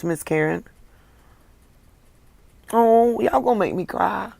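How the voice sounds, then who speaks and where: A woman with a Southern US accent hosting a casual livestream, chatting warmly and thanking viewers by name. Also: on the low side, lively intonation, a little slow, gravelly. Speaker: livestream host reading viewer comments. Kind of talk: casual chat.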